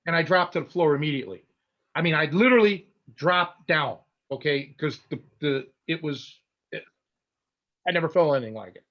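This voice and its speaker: A man, a catch wrestling coach and podcast host, telling a story in a casual, animated way with many restarts and blunt asides. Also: a little high, a little fast, dull audio.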